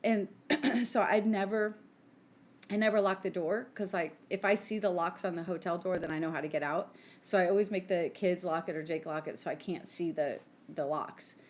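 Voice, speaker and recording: A woman's voice: lowish voice, moderate pace. A woman in her forties co-hosting a podcast, telling stories in a chatty way with lots of "like" and acted-out quotes. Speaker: podcast co-host. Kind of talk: casual chat.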